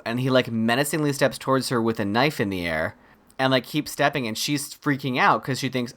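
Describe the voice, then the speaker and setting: A man with a mid-pitched, everyday voice co-hosts a casual movie podcast. He retells scenes in a lively way and slips into the characters' lines as he goes. The talk is loose and conversational. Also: brisk. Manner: animated retelling, quotes characters in mock voices. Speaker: podcast co-host. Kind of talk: casual comedic movie recap.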